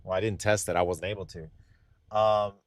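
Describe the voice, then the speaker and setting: A young man streaming live, chatting casually and excitedly straight to his viewers, rambling between thoughts. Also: low voice, fairly quick, no echo.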